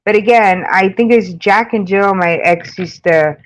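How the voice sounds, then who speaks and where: A woman's voice: medium pitch, a little slow. A woman with a New York accent chatting casually with live-stream viewers, rambling with lots of fillers and frequent laughs. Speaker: makeup channel host.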